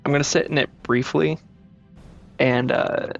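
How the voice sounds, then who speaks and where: Man, tabletop player, gravelly voice, casual and hesitant, slightly dull sound. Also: medium pitch, fairly even intonation, unhurried, faint music behind. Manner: casual, hesitant, thinks aloud. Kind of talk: casual tabletop game chat.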